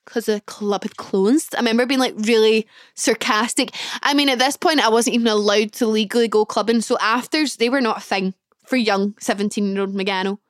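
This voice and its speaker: A woman in her twenties hosts a podcast, telling a story in a casual, chatty way that's full of "like" and acts out her own thoughts. Her fairly high voice is steady in tone and brisk, recorded dry at studio quality.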